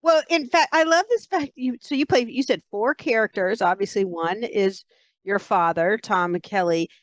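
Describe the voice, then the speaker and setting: A woman's voice: medium pitch, normal speed, dry recording. A woman hosting a podcast interview, encouraging her guest and laughing often. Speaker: podcast host. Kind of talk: conversational interview.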